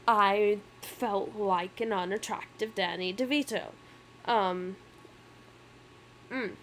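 A woman's voice: fairly high pitch, slight background noise, poor audio. A woman streamer chatting casually with viewers between readings, her throat sore, laughing often and poking fun at herself. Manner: chatty, giggly, self-deprecating. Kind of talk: casual live-stream chat.

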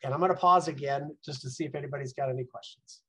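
A man's voice: mid-range voice, fast talker, a bit bright, slightly rough, low-quality recording. A middle-aged man, a mindset coach, giving a casual, rambling talk from home, full of "like" and "right?". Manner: conversational, rambling, frequent "right?" and "like".

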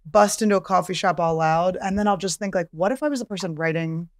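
A woman's voice: fairly low pitch, fast, dry recording, studio quality. A woman comedian hosting her podcast, chatty and self-mocking, laughing often and swearing freely. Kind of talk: casual podcast chat.

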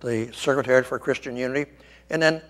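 An older Catholic priest gives an informal guest lecture in a church, his mid-range voice steady and quick against a big-room sound. He's discursive, rambling a bit with wry asides, frequent ums, and restarts.

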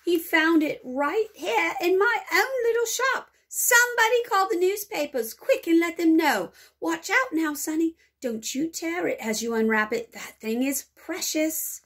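A woman voicing an excitable fat male shopkeeper who screams and yells with joy. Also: extremely high pitch, a little slow, hardly any pauses, voice pushed up, full character voice. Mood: ecstatic. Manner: shrieking, overjoyed yelling.

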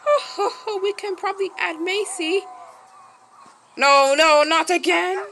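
A woman streaming a game, chatting to the animals in it like pets and breaking into lively exclamations. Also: very high-pitched, a little slow, slight background noise, low-quality recording. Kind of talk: casual game commentary.

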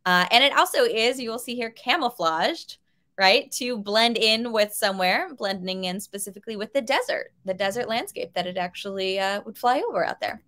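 A woman museum educator giving a friendly, lively virtual lesson that asks questions of young viewers. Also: medium pitch, normal speed.

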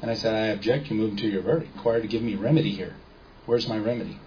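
Speaking rapid-fire in a fairly low, steady voice, a seminar speaker delivers a casual talk to a small crowd, telling stories and quoting people's conversations. He also quizzes the listeners, and the recording is dull and lo-fi with faint background noise.

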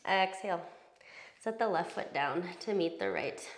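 Slow, calm woman cueing yoga poses. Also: fairly low pitch, echoey room. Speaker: yoga instructor. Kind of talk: guided yoga class instruction.

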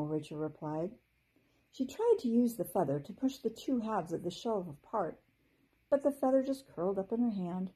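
A woman teacher reads a children's storybook aloud in a gentle, expressive way. Her voice is very warm and mellow with a soft, breathy edge. Her pitch moves up and down freely as she tells the story. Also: normal speed, poor audio.

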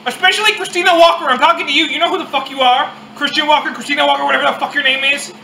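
A woman's voice: sits high, fairly even intonation, rapid-fire, creaky, pushed and bright, reverberant, slight background noise, poor audio. A woman co-hosting a casual mukbang vlog, talking bluntly and swearing freely as she rants. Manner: profane, blunt ranting. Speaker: vlog co-host. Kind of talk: casual mukbang chat and rant.

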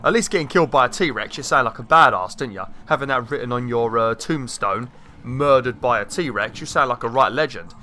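A man gives casual let's-play commentary with a bright, forward tone. He is excitable and swears freely. He often talks straight to the creatures in the game. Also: mid-range voice, a little fast, a little hiss or hum. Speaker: gaming channel host.

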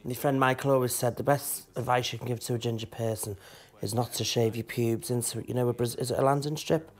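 A man's voice: mid-range voice, steady tone, fairly quick. A male drag queen gossiping cheekily and swearing while reacting to a dating show. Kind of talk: bawdy casual chat.

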